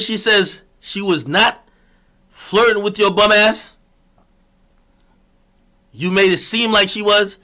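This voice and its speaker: A man ranting in a solo monologue, mocking and boastful, going from loud taunts to low muttered asides. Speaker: streamer.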